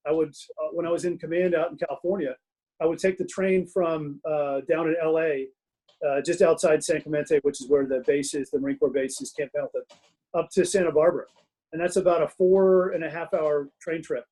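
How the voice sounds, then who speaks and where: Chatty middle-aged man, slightly high voice. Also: fairly even intonation, fairly quick, warm tone, slightly rough, rough recording. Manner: chatty, self-mocking, laughs through anecdotes. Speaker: guest author. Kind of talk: casual storytelling interview. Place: home den.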